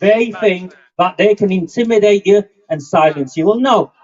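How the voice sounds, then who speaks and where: Muffled lo-fi audio captures a man in his fifties addressing an outdoor demonstration with an impassioned, angry, defiant speech. He has a high voice and speaks at a moderate pace.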